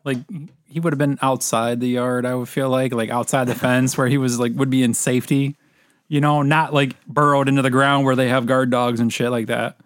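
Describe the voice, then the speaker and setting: A man co-hosting a casual movie podcast, animated and jokey, with swearing. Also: mid-range voice, a little fast, clear, resonant tone, no room sound, clean studio sound. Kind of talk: casual movie review chat.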